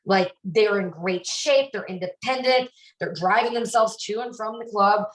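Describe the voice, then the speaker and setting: A woman's voice: mid-range voice, normal speed. A woman fitness instructor, chatting in a bubbly way while she cooks and answers viewers by name. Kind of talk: casual cooking chat on a live stream. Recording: roomy sound, mic at a distance.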